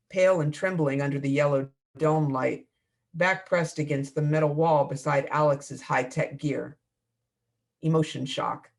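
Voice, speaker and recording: Gravelly-voiced man reading his fiction. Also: on the high side. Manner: measured, expressive storytelling read. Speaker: author. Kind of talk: reading own fiction aloud.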